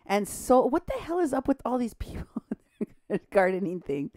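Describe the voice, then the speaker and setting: A woman's voice: on the high side, very animated, normal speed, dry recording, studio quality. A woman talking on a radio show in a heated, indignant way, reading posts aloud with scorn and her voice climbing toward outrage. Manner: indignant, agitated, rising to near-shouting outrage; reads social media posts aloud with scorn. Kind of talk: heated talk radio commentary.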